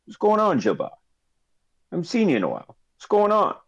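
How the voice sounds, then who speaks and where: A brash, back-slapping shopkeeper with a thick, exaggerated Boston accent, as a man puts him on. His voice rides high above a normal speaking pitch and swings up and down in a pushy, streetwise patter. The lo-fi audio sounds a little dull. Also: wildly swooping pitch, fast talker, husky, full character voice. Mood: chummy. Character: brash, chummy male shopkeeper who pitches himself hard.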